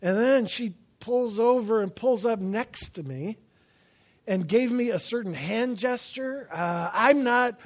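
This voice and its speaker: A man preaching a sermon, telling stories with self-deprecating humor and swinging between loud emphasis and quiet asides. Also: extremely high pitch, slow. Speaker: pastor.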